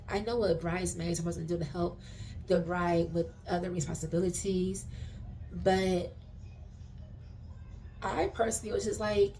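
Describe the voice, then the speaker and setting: Sharing personal reflections as a vlogger, a woman rambles candidly in a casual monologue, swearing freely and full of restarts and fillers. Her voice is mid-range with a darkish tone, and there's slight background noise.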